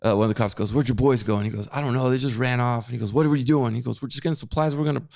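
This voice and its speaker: A man co-hosting a podcast, telling a story with lively acted-out quotes. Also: mid-range voice, very fast, gravelly, no echo, studio quality. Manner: animated storyteller, acts out quotes. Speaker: podcast co-host. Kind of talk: casual chat.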